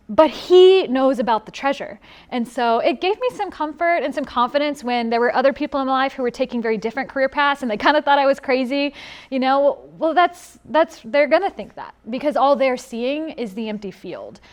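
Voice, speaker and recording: Reflective woman with a higher voice. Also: expressive, moderate pace. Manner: reflective, uses many fillers. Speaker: missionary sharing testimony. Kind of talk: casual testimony.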